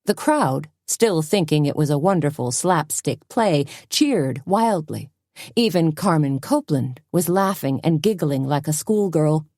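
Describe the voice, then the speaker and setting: A woman narrating a cozy mystery audiobook in an expressive storytelling manner. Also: low voice, a little slow, dry recording, clean studio sound. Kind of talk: scripted narration.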